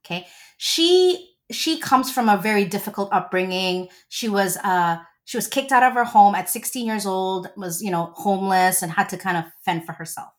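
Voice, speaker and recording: This woman, a relationship coach in her forties, has a mid-range voice and talks at a normal speed. Appearing as a guest in a casual interview, she tells her stories with bubbly, animated energy.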